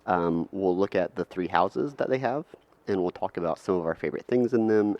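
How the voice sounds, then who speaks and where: A man co-hosting a podcast, laying out topics in a relaxed, methodical way. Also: deep voice, dry recording, muffled recording. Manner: relaxed, methodical, lays out segments. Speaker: podcast co-host. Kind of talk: casual chat.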